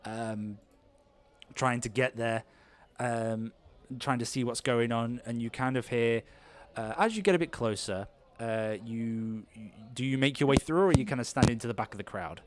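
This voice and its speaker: A man's voice: medium pitch, normal speed. Rambling male game master. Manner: rambling, lots of fillers and restarts. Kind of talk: improvised tabletop narration.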